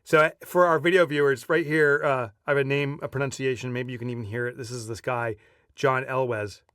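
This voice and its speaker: A man reading his own audiobook aloud, lively as a storyteller and breaking off now and then for casual asides. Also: medium pitch, brisk, clear, resonant tone, no room sound, studio quality, recorded from a distance. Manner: lively storyteller who breaks off to chat offhand. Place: video recording setup.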